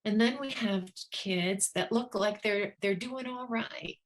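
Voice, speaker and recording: Slow, earnest woman telling a story. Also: medium pitch, slight background noise. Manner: earnest, acts out quoted voices. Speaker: children's divorce program leader. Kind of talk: storytelling talk.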